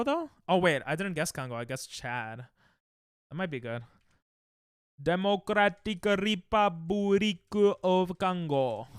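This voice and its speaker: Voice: mid-range voice, no echo, studio quality. A young adult streamer chatting casually with viewers while playing, reacting to chat and laughing often. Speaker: Twitch streamer.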